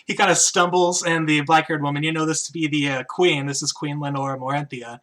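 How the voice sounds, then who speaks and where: A man narrating as game master of a tabletop role-playing game. He describes the scene loosely, with many fillers. His voice sounds bright. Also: fairly high pitch, flat delivery, a little fast, slight background noise.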